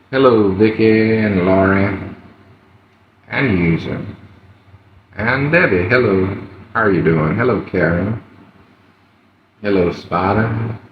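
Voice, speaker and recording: A man chatting casually on a live stream, greeting viewers one by one and pausing often with fillers. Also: mid-range voice. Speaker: livestreamer. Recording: roomy, dull, slightly noisy phone audio.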